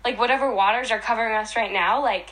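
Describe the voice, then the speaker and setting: Young woman co-host, bright voice, excitable and chatty, leans on "like" while recounting. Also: a little high, fast. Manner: enthusiastic, retells scenes with many fillers. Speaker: podcast co-host. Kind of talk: casual faith chat.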